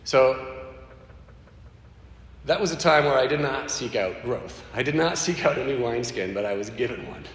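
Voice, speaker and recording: A man sharing a personal faith story in an animated, conversational way. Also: mid-range voice, normal speed, pauses often. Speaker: speaker sharing a personal testimony. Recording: echoey hall with faint background noise.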